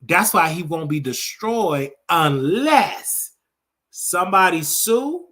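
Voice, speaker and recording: A man hosting a casual gossip talk show. He tells his stories in an animated, dishy way, with sudden leaps up in pitch and quieter, hushed asides. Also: takes it slowly. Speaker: show host.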